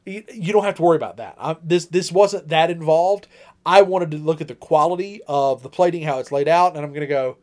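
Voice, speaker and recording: A man with a somewhat raised pitch talks loosely on a podcast. He drags his anecdotes out and swears now and then in passing. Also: lively intonation. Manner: drawn-out anecdotes, mild swearing. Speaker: podcast co-host. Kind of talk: casual chat.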